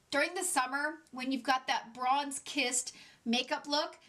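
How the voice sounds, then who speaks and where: A woman beauty vlogger chatting excitedly through a casual product review, gushing and chatty. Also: high-pitched.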